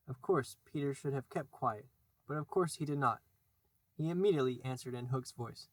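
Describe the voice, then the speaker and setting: A man narrating a classic children's novel as an audiobook, in a measured storytelling manner. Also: mid-range voice, no echo. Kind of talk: scripted narration.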